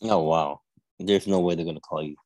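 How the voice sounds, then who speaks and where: A man's voice: sits low, steady tone, fairly quick, a little mellow. A man co-hosting a sports podcast, steadily leading the picks and wrapping up the show in a casual chat. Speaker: podcast co-host.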